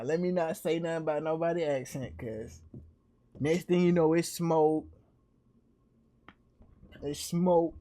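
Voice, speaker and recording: A man with a slight Atlanta accent giving casual, slangy reaction commentary as a streamer, full of quick restarts. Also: on the high side. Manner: animated, slangy, fast restarts.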